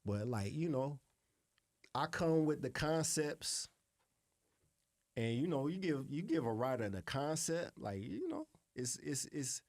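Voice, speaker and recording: A man's voice: mid-range voice, a little mellow, no echo. Laid-back middle-aged man telling studio stories. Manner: laid-back, profane, often adds "you know what I'm saying". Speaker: music producer, interview guest. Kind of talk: casual interview storytelling.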